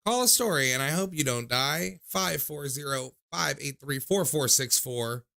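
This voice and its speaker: Young male call-in host, rambling self-deprecating talker, fry-laden voice. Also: medium pitch, expressive, normal speed, bright, forceful tone. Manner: rambling, self-mocking storyteller. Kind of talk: casual livestream call-in chat.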